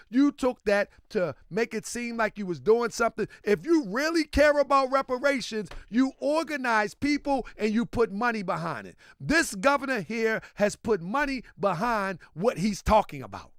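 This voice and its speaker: A man hosting a casual commentary vlog, talking in a hyped, emphatic way and hammering his points by repeating them. His voice is high and swings widely in pitch, recorded close and dry. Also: a bit bright, no echo. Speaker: host.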